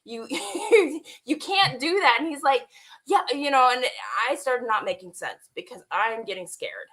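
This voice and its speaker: A woman telling an emotional personal story as a guest, animated and quoting the people in it, laughing at times and close to tears. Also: sits high, measured pace. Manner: animated retelling with quoted dialogue, laughing and near tears. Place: online stream.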